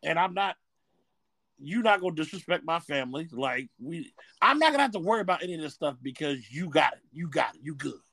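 A man's voice: fairly high pitch, a little fast, gravelly, dry recording. A man co-hosting a podcast, talking bluntly in a casual, profane way. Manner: blunt, profane, animated storytelling. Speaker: podcast co-host.

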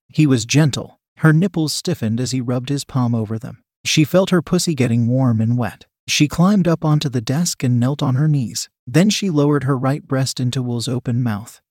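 A man reading a story aloud as a narrator, in an even, unhurried storytelling manner. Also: medium pitch, no echo, clean studio sound. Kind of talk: scripted audiobook narration.

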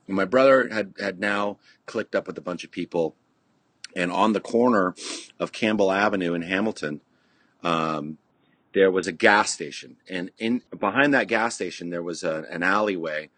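A middle-aged man from California with a husky, slightly low voice spins a long story as a podcast guest. He rambles, swears freely and restarts often, leaning on "you know". The sound is close and dry, with no room around it. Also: normal speed, a bit bright, dry recording. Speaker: podcast guest, punk musician. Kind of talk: casual storytelling chat.

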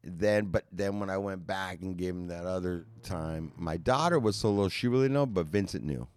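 A man's voice: deep voice, normal speed, dry recording. A man talking in a casual podcast chat, reflective and loosely phrased, swearing freely.

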